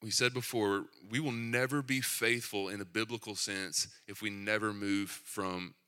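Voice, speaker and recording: Bright-voiced pastor preaching to his church. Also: lowish voice, steady tone, moderate pace, clear, resonant tone. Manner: conversational, self-deprecating asides. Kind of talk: sermon.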